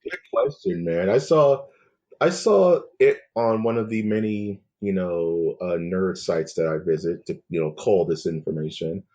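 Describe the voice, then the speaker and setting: A man's voice: deep voice, measured pace, dark tone. A man hosting a podcast in loose, jokey casual chat, calling people "man" and "dude". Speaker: podcast host.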